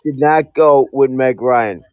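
A man's voice: mid-range voice, slow pace, a crowd in the background. A laid-back man bantering in a comedy show, saying "dude" constantly and arguing playfully. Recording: dull dry lo-fi sound.

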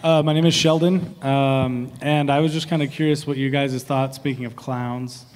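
A man's voice: mid-range voice, steady tone, normal speed, darkish tone, long reverb tail, slight background noise. A man from the audience asking the panel a question, hesitant and full of ums.

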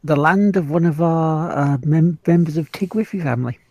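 Guy co-hosting a podcast, a bit high, raspy and gravelly, easygoing chat. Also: normal speed, a little mellow, no room sound, muffled recording. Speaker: podcast co-host. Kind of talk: casual podcast banter.

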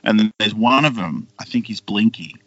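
Low-voiced man retelling a cartoon. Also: moderate pace, breathy edge, dry recording, muffled recording. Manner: animated retelling with silly put-on character voices and swearing. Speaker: podcast co-host. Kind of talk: casual chat, retelling a cartoon plot.

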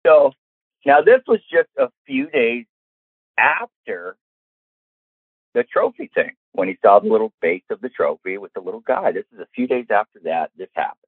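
A man spins a casual anecdote with a low, breathy voice. He acts out the people he quotes, and the sound is dry and thin, like a phone line. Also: sing-song, moderate pace, no room sound. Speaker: storyteller guest.

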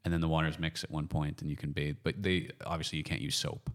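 A Canadian man hosting a podcast, chatting casually and rambling with frequent self-corrections and quick laughs. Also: very deep voice, little pitch movement. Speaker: podcast host. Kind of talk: casual chat.

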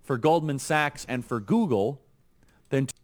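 A man's voice: mid-range voice, animated, measured pace. A man delivering an emphatic political commentary monologue, played as a clip.

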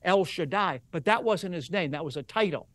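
A man with a notably high speaking voice explains ideas patiently, laying out examples one by one. His delivery is earnest and instructive, like a teacher in a broadcast interview. The sound is dry and close. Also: animated, normal speed, dry recording. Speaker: rabbi and Bible teacher, interview guest.

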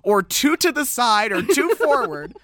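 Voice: mid-range voice, sing-song, unhurried, a bit bright, dry recording, studio quality. A co-host of a casual film discussion who makes wry, joking asides. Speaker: podcast co-host.

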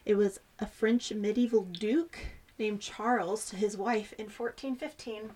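A young adult woman co-hosting a podcast in casual, animated chat, leaning close to the mic and laughing often. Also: mid-range voice, measured pace. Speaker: podcast co-host.

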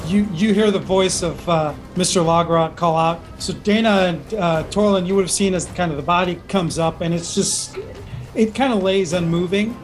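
A game master narrating a tabletop pirate game in a halting way, with many fillers. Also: medium pitch, soft background music.

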